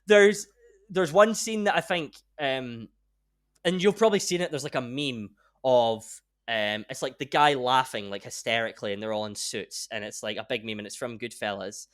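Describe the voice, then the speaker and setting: A young man hosting a podcast in casual chat, rambling and excitable and swearing freely. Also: medium pitch, moderate pace. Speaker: podcast host.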